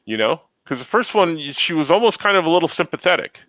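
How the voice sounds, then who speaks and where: A man's voice: on the high side, big pitch swings, fast talker, a bit bright, no room sound, low-quality recording. A man hosting a casual chat, telling long rambling stories. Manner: rambling storyteller. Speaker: host.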